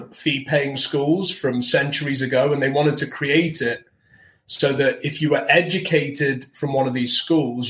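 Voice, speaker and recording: A man's voice: mid-range voice, fairly bright tone. A man from the north of England, an actor guest chatting casually and animatedly in an interview, often restarting his sentences. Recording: roomy echo.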